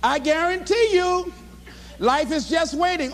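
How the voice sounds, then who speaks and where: A man's voice: extremely high pitch, very animated, moderate pace, long reverb tail, soft background music. A man giving a live motivational speech, emphatic and repetitive as he exhorts the audience. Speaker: motivational speaker.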